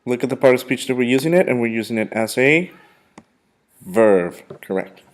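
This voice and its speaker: A male English teacher giving a vocabulary lesson, who repeats words and pronounces them slowly and with emphasis. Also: medium pitch, expressive.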